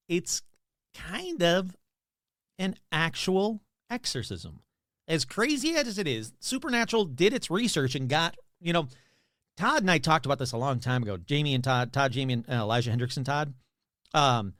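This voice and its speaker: A male podcast host talks off the cuff in a rambling, self-mocking way, his voice springing up and down all the time. His pitch sits a little high for a man. The sound is dry and close, with no room around it. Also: a bit bright, no room sound. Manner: chatty, rambling, self-deprecating. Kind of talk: casual podcast monologue.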